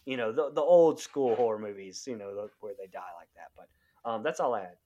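A man's voice: on the low side, expressive, a little fast, dark tone, muffled recording. A man co-hosting a podcast, reviewing a horror movie in blunt casual chat, swearing and laughing as he rambles. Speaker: podcast co-host.

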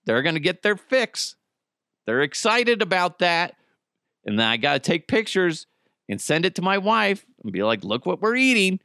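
A man's voice: fairly high pitch, sing-song, normal speed, bright, forceful tone, dry recording, studio quality. Rambling, joking male podcast host. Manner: rambling, joking, self-deprecating, swears a lot. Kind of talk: rambling solo comedy podcast.

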